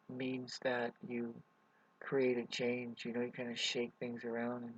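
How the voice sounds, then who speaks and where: A man's voice: medium pitch, creaky, slightly rough, no room sound. A man rambling through a hesitant personal update to his viewers, full of fillers and restarts. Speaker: vlogger. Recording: dull lo-fi recording.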